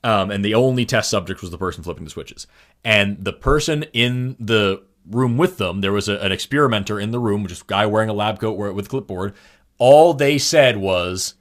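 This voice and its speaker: A man's voice: fairly low pitch, fairly quick. A man co-hosting a podcast, telling a long story in casual chat, with many fillers and restarts. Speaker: podcast co-host.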